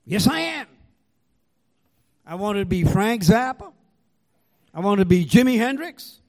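A man's voice: high voice, moderate pace, darkish tone. An older man with an Indian accent, sharing his recovery story to a live audience in a raw, profane, storytelling way. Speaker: recovery meeting speaker. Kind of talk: personal share to a live audience.

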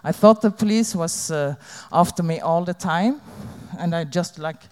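A woman giving a candid, halting personal testimony about her recovery to an audience. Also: on the low side, a little mellow. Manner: halting, candid, plain-spoken. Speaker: recovering addict sharing her story. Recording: long hall reverb.

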